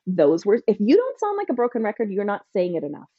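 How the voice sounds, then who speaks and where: A woman's voice: mid-range voice, sing-song, fast, few pauses, breathy edge, no echo, muffled recording. A woman parenting coach answering an interview question in an emphatic, punchy way, sometimes acting out what parents and teens say. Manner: emphatic, punchy, acts out parent and teen lines.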